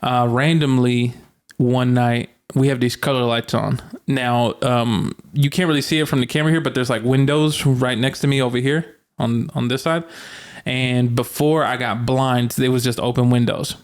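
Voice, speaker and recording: A man co-hosting a podcast, casually telling a story in a relaxed, joking way with some swearing. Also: mid-range voice, moderate pace, hardly any pauses. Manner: laid-back, swears casually, laughs often. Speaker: podcast co-host. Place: new apartment room.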